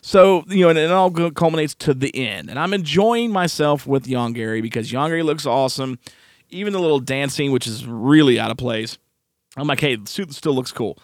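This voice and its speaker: A man co-hosting a podcast, casually reviewing a film in an animated, exasperated way, laughing often. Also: on the high side, fairly quick, no echo, clean studio sound. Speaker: podcast co-host.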